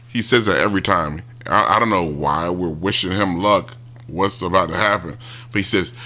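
A man casually retelling a show, rambling with many restarts and mimicking people in high yelps. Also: moderate pace, pushed and bright. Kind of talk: casual commentary.

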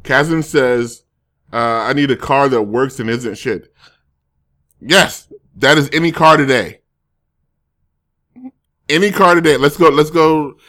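A man's voice: mid-range voice, unhurried, pauses often, sharp tone. A man streaming casually, reading viewer comments and rambling through jokes and self-corrections.

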